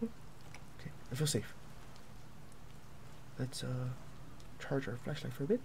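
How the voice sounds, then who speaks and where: A young man commentating a horror game as he plays, jumpy and excitable, yelping and taunting the monster. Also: mid-range voice, slow pace, gravelly, noisy background. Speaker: gaming video creator.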